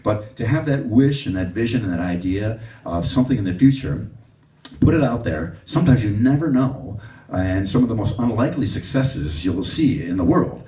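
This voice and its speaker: A low-voiced man speaks to a live clinic audience, telling stories with lively acted-out quotes. The sound is roomy and picked up from a distant mic. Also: normal speed. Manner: animated storyteller, acts out quotes. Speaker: bass clinician. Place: room with an audience.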